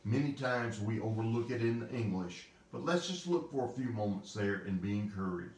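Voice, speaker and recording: A male pastor giving an emphatic devotional sermon, stressing repeated phrases and slowing on key words. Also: fairly low pitch, animated, a little mellow, recorded from a distance. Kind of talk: devotional sermon teaching from scripture. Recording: roomy sound, speaker away from the mic.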